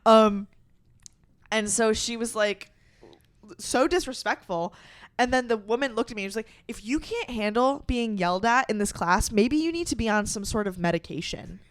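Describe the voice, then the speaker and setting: A young woman in her twenties hosts a casual podcast conversation. She tells stories with animation and swears freely. Her quoted lines burst out loud and big. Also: fairly high pitch, moderate pace. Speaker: podcast host. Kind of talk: casual chat.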